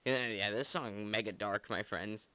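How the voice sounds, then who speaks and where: A male podcast host talks through song lyrics in a loose, earnest ramble packed with filler words. His voice sits a little low but comes across bright and forceful, with a smooth, clear tone. The sound is dry and close. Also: steady tone, a little slow, no room sound. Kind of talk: casual song analysis chat.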